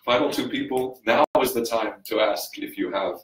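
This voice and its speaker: A man's voice: mid-range voice, moderate pace, distant mic, a little hiss or hum. A man teaching English on a casual livestream, chatty, who laughs often and keeps checking in with "right?". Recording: roomy echo, off-mic.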